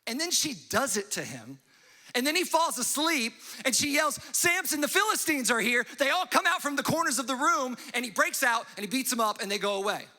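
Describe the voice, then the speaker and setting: A man's voice: very high-pitched, big pitch swings, bright, forceful tone, in a large hall. A young man preaching a sermon as a pastor, telling a story and briefly acting out its characters. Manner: storytelling with quick acted-out voices and asides. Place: church hall.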